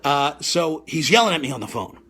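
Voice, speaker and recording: A man who hosts a comedy show tells a comic story in an animated way, acting out voices and restarting his sentences often. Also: a little high, fairly quick. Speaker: comedian host.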